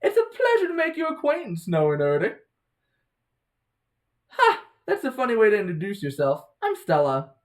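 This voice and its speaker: An upbeat, chatty young woman from a small mountain town, as a man puts her on. She talks in a raised, friendly voice with lively rises and falls. She sounds eager to make a newcomer feel welcome. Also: normal speed, pauses often, rough recording. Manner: bright, chatty, higher-pitched.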